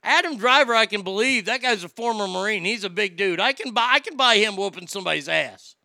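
Gravelly, bright-voiced man ranting on stage. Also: high-pitched, brisk, no echo. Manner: profane, rambling rant. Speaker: comedian. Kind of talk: stand-up comedy.

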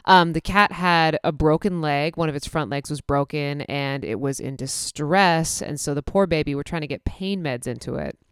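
Chatty low-voiced woman telling stories. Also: moderate pace, hardly any pauses, smooth, dry recording, clean studio sound. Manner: chatty, animated when quoting people, many fillers. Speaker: veterinary technician and podcast host. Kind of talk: casual storytelling monologue.

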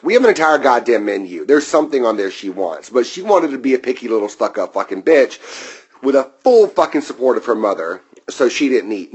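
A man's voice: medium pitch, slightly rough, lo-fi sound. Man, restaurant server, vlog rant, swearing constantly, heated, goes off on tangents. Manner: profane, heated ranting; wanders off on tangents, then returns.

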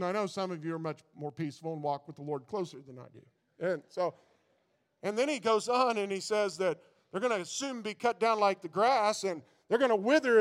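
High-voiced man preaching in a reverberant hall. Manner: conversational preaching that builds to fervent intensity. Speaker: pastor. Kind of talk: informal sermon. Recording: long reverb of a large hall.

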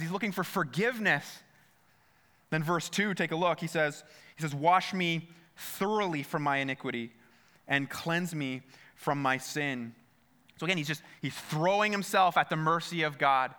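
A man preaches to a congregation with a bright, forceful voice sitting a little above the usual male pitch. He talks earnestly, repeats his key phrases and turns often to the listeners with direct questions. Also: normal speed. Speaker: pastor. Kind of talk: sermon.

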